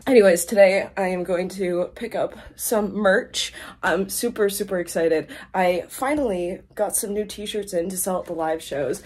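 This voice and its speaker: A woman's voice: medium pitch, darkish tone, slightly rough, rough recording. Chatty self-mocking young woman vlogger. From Canada. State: rough throat. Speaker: musician vlogger. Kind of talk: casual vlog chat.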